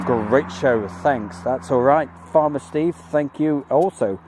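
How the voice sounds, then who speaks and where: A man's voice: medium pitch, a little slow, few pauses, noisy background. A man hosting a live plane-spotting stream, chatting jokily and reading out viewer messages. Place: outdoors at an airfield.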